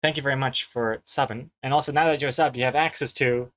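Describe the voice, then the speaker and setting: A man's voice: mid-range voice, steady tone, quick pace, fairly bright tone. A young man from New Zealand talks casually through a live drawing stream, his accent a blend of Kiwi and American. He reads chat messages aloud in an easy, chatty way and laughs often. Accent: mixed New Zealand and American. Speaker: webcomic artist and streamer.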